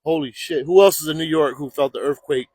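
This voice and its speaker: A man with a fairly high voice, speaking in a laid-back way from inside his truck. The sound is dry and close. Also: brisk, a little mellow, husky, no echo. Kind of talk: casual vlog update.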